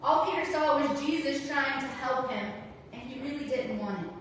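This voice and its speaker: A woman's voice: high voice, moderate pace, slight background noise. A woman preaching a sermon in a church, chatty and conversational, acting out the quoted lines of the people she talks about. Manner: conversational, acts out quoted dialogue. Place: church sanctuary. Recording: echoey hall, voice from far off.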